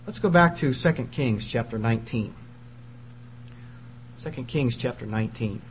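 A man's voice: medium pitch, animated, moderate pace, long pauses, highs cut off, a little hiss or hum. A man preaching an earnest, emphatic sermon and reading scripture aloud.

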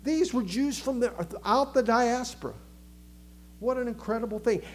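A man preaching a sermon with a Southern American accent, animated, acting out crowd voices and dropping to a hush for emphasis. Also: very high voice, normal speed. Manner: animated, acts out crowd voices, swings from loud to hushed. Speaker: pastor.

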